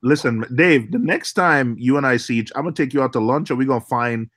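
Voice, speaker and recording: A man from Jamaica hosting a casual group chat, talking in an animated, baffled way with lots of laughter. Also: medium pitch, a little fast. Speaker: host.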